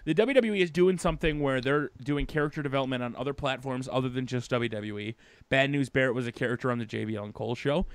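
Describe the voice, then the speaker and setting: A man's voice: medium pitch, clear, resonant tone, no room sound. A man hosting a casual wrestling call-in show, rambling through recaps with many fillers and frequent swearing.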